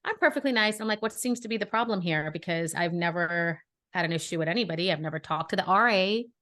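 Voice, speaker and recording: A woman's voice: lowish voice, fast talker, fairly bright tone. A woman podcast co-host, from Brooklyn, telling a story in casual chat and acting out the dialogue with indignant energy.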